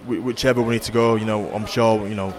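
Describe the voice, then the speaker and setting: Halting low-voiced rugby man. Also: fairly even intonation. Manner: halting, many fillers and restarts. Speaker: rugby league player or coach interviewed. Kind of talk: post-match style interview.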